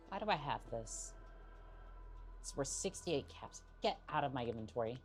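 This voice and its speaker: Low, unhurried woman streamer; joking gameplay commentary to chat. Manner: jokey, chatting to viewers. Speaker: game streamer.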